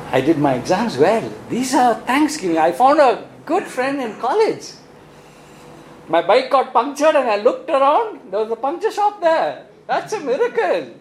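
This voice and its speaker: A man's voice: high voice, slight background noise, poor audio. A man with an Indian English accent preaching a sermon, asking rhetorical questions and often tagging "right?". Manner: animated, rhetorical questions, frequent "right?" tags.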